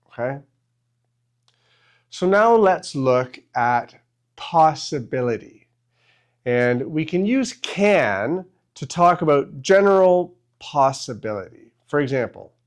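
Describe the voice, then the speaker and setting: A man's voice: a little high, big pitch swings, slow. A man teaching an English grammar lesson to beginners, patiently ending each point with "okay?".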